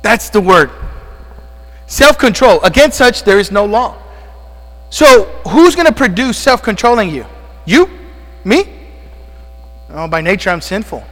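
High-voiced pastor guy preaching, kinda out of breath, lots of amens and questions, long church echo plus some hum. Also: very animated, measured pace, pauses often, fairly bright tone. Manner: call-and-response preaching with frequent amens and questions. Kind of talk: sermon. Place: church sanctuary.

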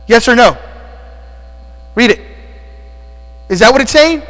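This high-pitched pastor is very animated yet unhurried, pausing often, his tone a bit bright. Sounding winded, he preaches to the congregation with frequent questions and amens in a call-and-response manner. Long reverb from the church sanctuary and a mains hum fill the recording.

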